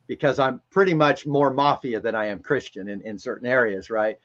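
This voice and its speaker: A man's voice: mid-range voice, normal speed, lo-fi sound. A man speaking in a casual, emphatic way on a spiritual live stream, rambling and often repeating words as he talks.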